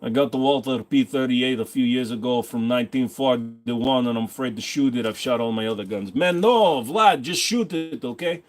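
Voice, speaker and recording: A man hosting a casual livestream, reading viewer comments and answering them in a rambling, offhand way. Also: mid-range voice. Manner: rambling, offhand, quick asides. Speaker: streamer host.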